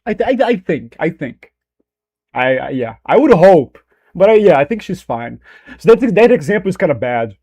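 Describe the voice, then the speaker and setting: Loose, profane young streamer, slightly higher voice. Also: male voice, sing-song, normal speed, a little mellow, breathy edge, muffled recording. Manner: loose and profane, joking, reacting to chat. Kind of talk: casual livestream chat.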